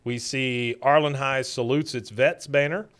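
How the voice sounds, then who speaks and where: A man's voice: medium pitch, fairly even intonation, measured pace, a bit bright, clean tone. A man hosting a podcast, casually retelling a cartoon episode scene by scene with lots of fillers. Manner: loose retelling with many fillers, acting out quoted lines. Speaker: podcast host.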